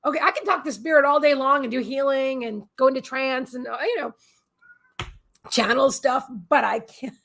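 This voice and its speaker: High, gravelly woman host; rambling, emotional, restarts a lot, casual livestream talk. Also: moderate pace, fairly bright tone. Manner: coos in baby talk to her pets. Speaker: psychic reader and healer, livestream host.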